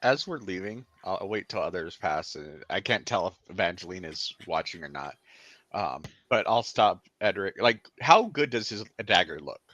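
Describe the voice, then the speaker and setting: A man's voice: deep voice, lively intonation, moderate pace, a bit bright, dry recording. A man playing a tabletop game in a casual, joking way, on a dry lo-fi recording. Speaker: player.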